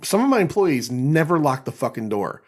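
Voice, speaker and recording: A man co-hosting a podcast in casual chat. He tells stories in a relaxed, swearing way with frequent laughs. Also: medium pitch, normal speed. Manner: relaxed, profane storytelling with laughs. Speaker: podcast co-host.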